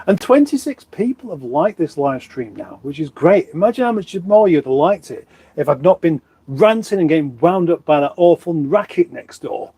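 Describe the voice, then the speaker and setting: A man's voice: on the high side, animated, normal speed, mellow, breathy edge, no echo. A man from England hosting a casual live stream from his kitchen on a phone, rambling and self-deprecating as he reads out viewers' comments. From England (born in Surrey). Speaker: livestream host. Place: home kitchen, indoors. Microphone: phone on a stand.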